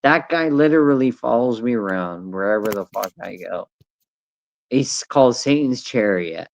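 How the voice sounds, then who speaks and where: A man's voice: mid-range voice, animated, normal speed, creaky, slight background noise. A man talking casually on a streaming panel, rambling and swearing as he tells stories. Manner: rambling, profane, trails off. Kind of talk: casual chat.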